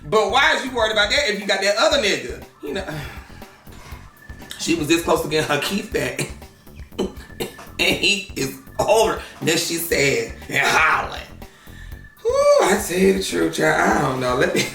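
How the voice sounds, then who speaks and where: Sassy high-voiced man with a bright tone. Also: creaky, roomy sound, faint music behind. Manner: sassy, animated, drawn-out exclamations. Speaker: gossip commentary host. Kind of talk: reaction commentary.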